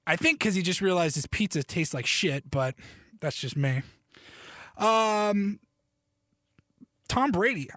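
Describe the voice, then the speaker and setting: A man hosting a casual solo sports podcast, animated and joking, with loose, profane talk that often restarts mid-sentence. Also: a little high, no echo, clean studio sound. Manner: self-interrupting, restarts sentences. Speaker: podcast host.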